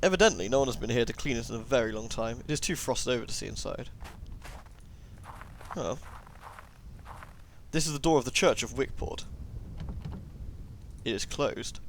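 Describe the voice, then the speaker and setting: A man's voice: mid-range voice, animated, moderate pace, pauses often, a little hiss or hum. A young man giving casual, jokey commentary while playing a game, often muttering asides. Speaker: let's play gamer.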